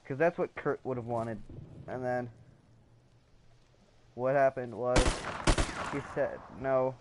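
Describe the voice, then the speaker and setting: This vlogger has a mid-range, slightly mellow voice and speaks slowly, with a little hiss or hum in the audio. He shares a personal family story in a rambling, emotional storytime style, full of fillers and performed quotes.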